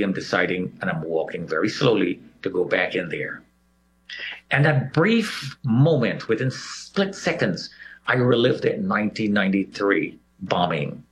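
Animated male storyteller, low voice. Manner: animated storyteller who acts out quoted voices. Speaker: guest recounting an experience. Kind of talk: personal recollection.

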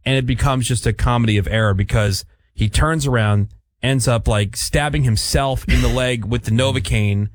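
A man's voice: mid-range voice, moderate pace, no room sound. A man hosting a radio show, rambling through a story in casual chat with many fillers.

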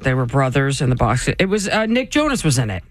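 A man's voice: mid-range voice, sing-song, fast, dry recording, studio quality. A man chatting casually as a co-host, teasing his friend and talking about books. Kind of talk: casual chat.

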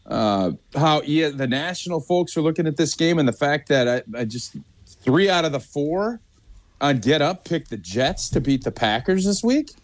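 A man's voice: on the high side, sing-song, normal speed, no echo. A man co-hosting a sports talk show, giving opinionated game predictions in casual chat. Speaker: sports radio co-host.

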